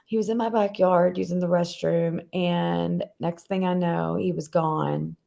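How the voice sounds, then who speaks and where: A woman's voice: lowish voice, steady tone, a little slow, gravelly, dark tone. A woman co-hosting a live online show, chatting casually and telling stories with a giggle. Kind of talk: casual livestream chat.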